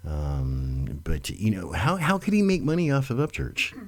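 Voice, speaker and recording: A man's voice: low-pitched, huge pitch swings, a little slow, no echo. A middle-aged man hosting a live talk show in a loose, swearing manner, laughing often. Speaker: host. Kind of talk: casual live commentary.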